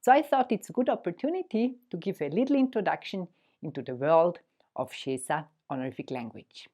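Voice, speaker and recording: A woman teaching a language lesson in a gentle, patient, encouraging way. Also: on the low side, expressive, fairly quick.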